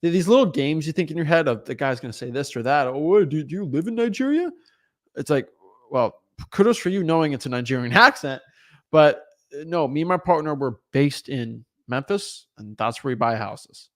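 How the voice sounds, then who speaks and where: A young man from England coaching on wholesaling in a casual, energetic way, acting out calls with sellers. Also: on the high side, a little fast.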